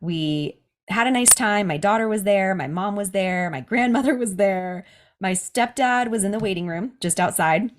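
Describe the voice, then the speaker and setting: A woman's voice: mid-range voice, normal speed. A woman in her thirties, a podcast host, candidly telling a personal story in casual chat, laughing often. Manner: candid, laughs often, quotes others in livelier voices.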